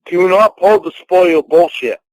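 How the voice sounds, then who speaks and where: Brief: high-pitched man, confrontational and profane, dry close sound. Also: expressive, a little slow, dry recording, rough recording. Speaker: host. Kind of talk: heated argument.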